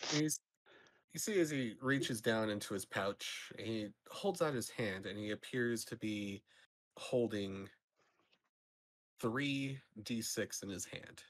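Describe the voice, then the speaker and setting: A man's voice: fairly low pitch, slow pace. A man narrating a tabletop game as game master, in a loose, chuckling way.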